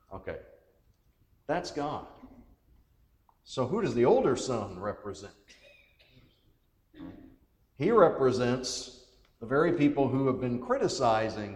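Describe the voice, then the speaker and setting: A man's voice: mid-range voice, a little mellow. Man teaching Bible class, echoey hall. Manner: asks the group questions, reads scripture aloud. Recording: echoey room with long reverb.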